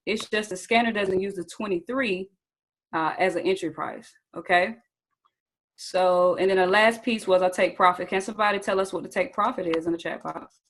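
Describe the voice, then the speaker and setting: A woman's voice: mid-range voice, normal speed, low-quality recording. A young woman leading a live online training session, talking casually and checking in with her viewers often. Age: young adult. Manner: casual, chatty, addresses viewers as "you guys" and "y'all"; checks in often with "okay?" and asks for chat answers. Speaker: trading instructor.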